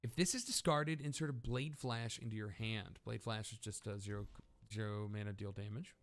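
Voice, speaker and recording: A man's voice: on the low side, steady tone, moderate pace. A man hosting a let's play, thinking aloud as he plays a deck-building card game. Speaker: gaming channel host.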